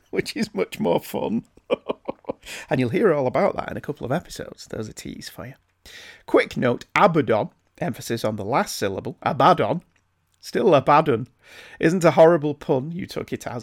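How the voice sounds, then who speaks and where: A man's voice: medium pitch, no echo, studio quality. A man, a podcast host reading listener emails aloud with wry, chatty asides. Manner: animated, conversational, wry asides.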